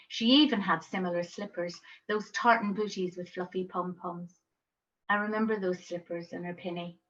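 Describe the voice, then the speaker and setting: Woman reading as a young guy who got shot, calm and plain, muffled home recording. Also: fairly low pitch, lightly acted. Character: young wounded man recalling his shooting.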